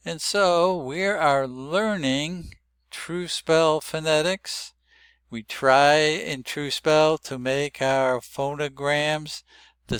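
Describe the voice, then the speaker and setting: Slow, smooth older male teacher. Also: mid-range voice, fairly bright tone, dry recording. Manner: rambling, explanatory, frequent restarts. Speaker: phonetics teacher. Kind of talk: unscripted tutorial.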